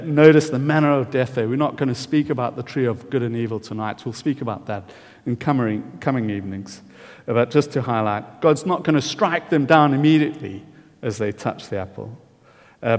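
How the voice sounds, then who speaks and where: A man preaching an evening sermon, emphatic and pausing often on fillers. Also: mid-range voice. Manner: emphatic, with frequent filler pauses. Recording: long hall reverb.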